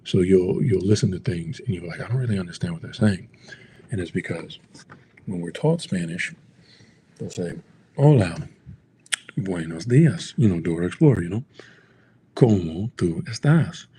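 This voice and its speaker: Man, from the United States, deep voice, casual rambling vlog talk, faint background noise. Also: animated, fairly quick, mellow. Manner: rambling, lots of "like" and "you know". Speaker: vlogger teaching travel Spanish phrases.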